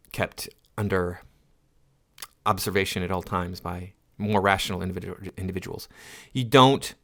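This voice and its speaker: A man's voice: deep voice, gravelly, a bit bright. A man hosting a commentary channel, reading social media posts aloud and answering them in a scornful, lecturing way.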